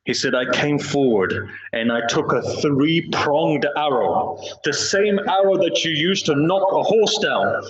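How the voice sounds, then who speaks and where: A high-pitched man recites a slow, grieving sermon, voicing the people in his story as he goes. His voice rings through a roomy mosque hall. The recording sounds dull and muffled. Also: animated. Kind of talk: Muharram majlis recitation.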